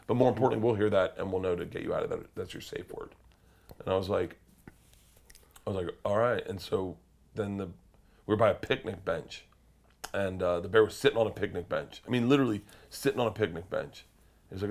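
A man telling a wild story as a guest, laughing and acting out quotes with sudden shouts. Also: fairly low pitch, expressive, a little fast. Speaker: comedian guest. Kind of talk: animated storytelling.

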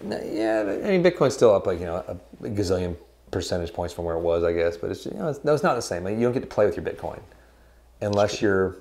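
A man's voice: sits low, very animated, fast talker, a little mellow, slight background noise. A man in his forties co-hosting a guitar shop chat, rambling and joking as he tells stories. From United States. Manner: rambling, jokey storyteller. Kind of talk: casual chat.

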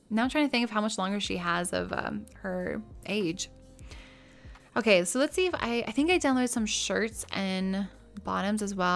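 A woman streamer talks casually while she plays, recorded on a desk microphone in her own room at home. Her voice sits at an everyday middle pitch for a woman. She gushes as she chats, sliding from soft murmured asides into bursts of excited squealing. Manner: gushing and chatty, drifting between soft asides and excited squeals. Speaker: game streamer. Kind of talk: casual live-stream chat while playing.

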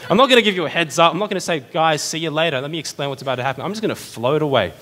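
A man's voice: on the high side, racing, sharp tone. A male preacher voicing an exasperated teacher who shrugs off his followers and leaves without warning, in a casual, offhand way. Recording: long reverb of a church hall.

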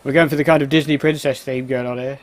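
A man's voice: medium pitch, fairly even intonation, fast. A man giving rambling, casual let's-play commentary, exclaiming at the game and muttering asides. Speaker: gameplay commentator.

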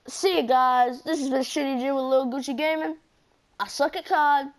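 A woman's voice: sits high, fairly even intonation, normal speed. A woman giving live commentary while playing a shooter game, swearing often and exclaiming in frustration. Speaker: gaming channel host.

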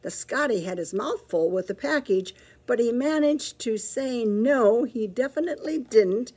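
Librarian reading aloud: woman, fairly high, very lively delivery, a bit husky. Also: unhurried. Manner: expressive, animated storytelling. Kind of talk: children's story read-aloud.

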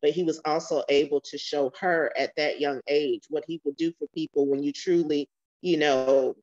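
A woman with a lowish voice shares a testimony from her own life over a video call. She talks it through as a story, with plenty of ums, and briefly voices the people in it. The call audio is dull and lo-fi. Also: fairly even intonation, normal speed, a little mellow. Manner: storytelling, acts out quoted voices, many fillers. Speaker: church member sharing a testimony.

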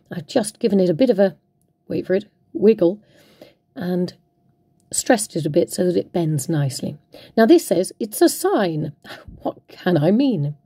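A woman's voice: medium pitch, gravelly, warm tone, breathy edge, no room sound. A woman hosting a craft tutorial, chatting playfully and talking to herself as she works. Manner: chatty, playful, talks to herself while working. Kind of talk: casual crafting demonstration.

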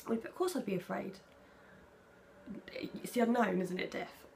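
With a gravelly, medium-pitched voice at a moderate pace, a young British woman reads personal questions aloud in a casual vlog and replies candidly. She's chatty, softening when emotional, and there's slight background noise.

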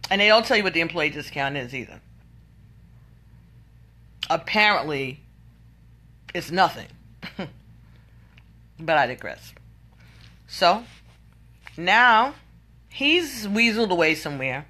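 Exasperated woman venting, bright voice. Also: on the low side, big pitch swings, slow pace, long pauses. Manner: exasperated, incredulous storytelling. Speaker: vlogger. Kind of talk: venting monologue.

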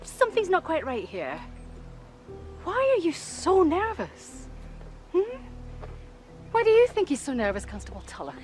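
An actress playing a sharp-tongued female amateur detective with a taunting, probing, theatrical manner. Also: very high-pitched, huge pitch swings, unhurried, pauses often, soft background music, heavily acted.

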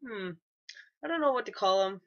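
Expressive and high-pitched at a moderate pace, this young man, possibly a teenager, rambles through casual let's play commentary for his gaming YouTube channel. He hesitates a lot, with ums and restarts throughout, and the dull lo-fi home mic shows.

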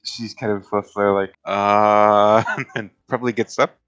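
A man playing a tabletop game, describing his character in a casual, relaxed way. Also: fairly low pitch, a little fast, no room sound, dull audio. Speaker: player.

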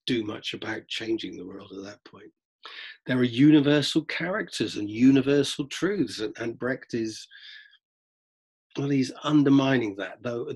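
A man's voice: medium pitch, slightly rough, rough recording. A man with a London accent, a drama teacher giving a rambling lecture and repeating words as he works through his thoughts. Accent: London English. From England. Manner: discursive, repeats words while thinking, acts out theatregoers in mock voices. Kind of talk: explanatory lecture.

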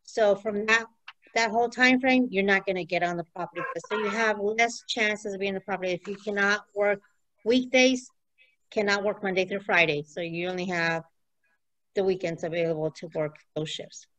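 A woman's voice: mid-range voice, fairly even intonation, moderate pace, fairly bright tone, low-quality recording. Chatty woman leading a class. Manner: chatty, laughs often. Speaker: real estate trainer. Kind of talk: casual training talk.

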